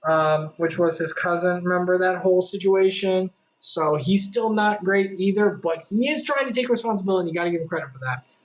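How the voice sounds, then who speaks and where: A Bible study leader with a mid-pitched voice. The leader reads a passage of scripture aloud, then retells it in relaxed, conversational language with fillers and asides. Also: low-quality recording.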